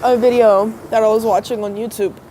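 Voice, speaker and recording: A woman with a stuffy, congested nose from crying talks into her phone outdoors. Her voice sits fairly high but sounds soft and mellow. She rambles and hesitates, with faint traffic in the background. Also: fairly even intonation, a little fast. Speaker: vlogger. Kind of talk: casual rambling talk to camera. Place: outdoors by a road at dusk.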